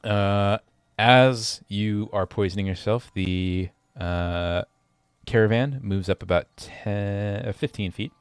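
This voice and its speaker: A man narrating a tabletop game as game master, in a relaxed way with frequent fillers. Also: lowish voice, slow pace, clean tone, no echo.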